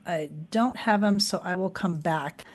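A woman hosting a call-in radio show, chatty and relaxed with lots of fillers. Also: lowish voice, a little slow.

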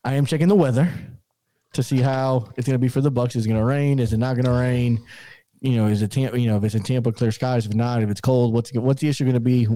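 A man in his thirties co-hosting a casual sports podcast, upbeat and rambling, quick to laugh. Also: medium pitch, fairly even intonation, dark tone, dry recording. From Hispanic background. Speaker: podcast co-host.

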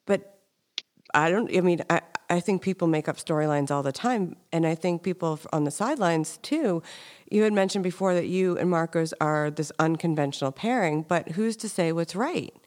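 A woman's voice: on the low side, normal speed, a little mellow. A woman hosting an interview in a chatty, encouraging, conversational way. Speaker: host.

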